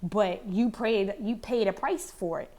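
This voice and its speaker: A woman's voice: medium pitch, unhurried, a little mellow. A woman giving a casual, chatty tarot reading, repeating herself and now and then exclaiming or swearing. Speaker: tarot card reader.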